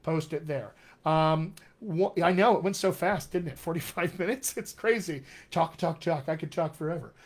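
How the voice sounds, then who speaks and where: Taking viewer questions individually, a man acting as a dialect coach hosts a casual live-stream chat with upbeat encouragement. He speaks on the high side at a moderate pace.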